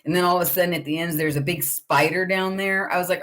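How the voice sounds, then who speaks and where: A woman's voice: on the low side, steady tone, fast, a bit bright. A middle-aged woman hosting a casual book club livestream, talking in a chatty, rambling way and greeting viewers by name.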